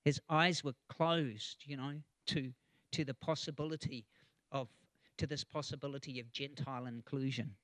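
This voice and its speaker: A man's voice: mid-range voice, steady tone, moderate pace, a bit bright, no room sound. A man preaching a conversational sermon, with chatty asides, chuckles and frequent ums.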